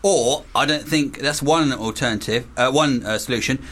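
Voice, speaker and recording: A man co-hosting a radio show, joking in a deadpan way. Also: medium pitch, normal speed. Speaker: radio co-host. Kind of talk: casual radio banter.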